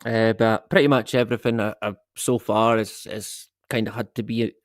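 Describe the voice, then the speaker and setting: A man's voice: fairly low pitch, fairly even intonation, normal speed, no room sound, studio quality. A middle-aged man hosting a casual live stream, rambling and swearing with the odd chuckle. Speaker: livestream host.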